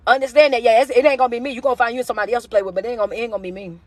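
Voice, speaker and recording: A woman motivational speaker on a live-stream rant, loud, passionate and forceful, repeating her points like a preacher. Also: on the high side, steady tone, racing, no room sound. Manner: repetitive, preachy call-outs. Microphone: phone on a live stream.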